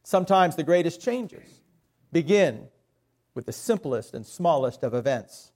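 A man's voice: fairly high pitch, animated, unhurried, a little mellow. A middle-aged man with a Southern US accent preaching a sermon as pastor, folksy and self-deprecating.

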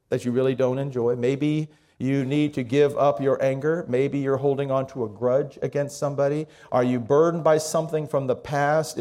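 A man preaching a sermon as pastor, talking in a conversational, lively storytelling way. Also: mid-range voice.

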